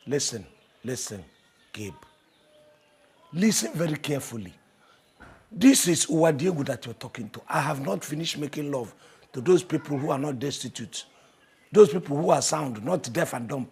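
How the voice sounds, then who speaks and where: A brash, dismissive Nigerian rogue with a very rough, husky voice that sits a little high. He brushes off every accusation with boastful scorn. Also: animated, moderate pace, pauses often, a little mellow, heavily acted. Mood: scornful. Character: arrogant young man dodging responsibility.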